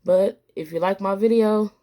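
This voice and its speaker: A woman's voice: medium pitch, dark tone. A woman hosting a casual step-by-step craft tutorial, talking unhurriedly with an itchy throat from allergies. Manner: unhurried, plain instructional talk.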